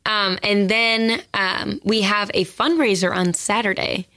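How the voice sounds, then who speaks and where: A young woman, a singer-songwriter, chatting as a guest in a radio studio, halting and friendly with many ums. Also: mid-range voice, fairly even intonation, bright, forceful tone. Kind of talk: casual radio interview chat.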